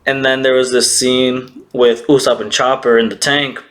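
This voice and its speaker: A man casually recapping an anime episode, excitable, laughing often and acting out characters' lines. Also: medium pitch, normal speed.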